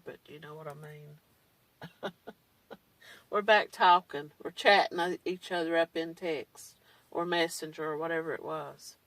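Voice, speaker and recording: A woman's voice: lowish voice, fairly bright tone, dry recording, far from the mic, rough recording. A woman talking in a blunt, candid way, with mild swearing, in a casual monologue. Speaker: survivor vlogger. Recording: dry, set back from the mic.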